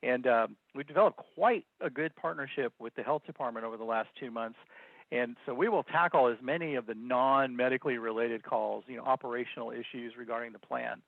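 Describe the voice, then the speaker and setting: Gravelly man on a tinny line. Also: mid-range voice, brisk, no room sound. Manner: hesitant, many fillers. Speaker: city department head. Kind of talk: budget hearing presentation.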